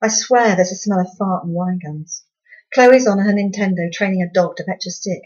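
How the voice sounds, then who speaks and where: A woman's voice: mid-range voice, normal speed, darkish tone, lo-fi sound. Woman reading her novel, wry. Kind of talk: first-person storybook narration.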